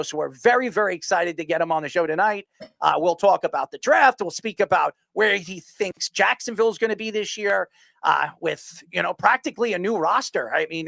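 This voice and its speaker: High, gravelly-voiced New York man. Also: fairly bright tone, dry recording, studio quality. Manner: rambling, repeats words, blunt opinions. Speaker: sports talk show host. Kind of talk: casual sports talk.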